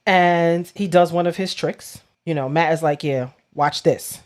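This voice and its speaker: A woman with a somewhat low voice recaps a book chapter for a podcast. She tells the story in an animated, slangy way with playful swearing and lots of "right?" check-ins. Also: moderate pace. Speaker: podcast co-host.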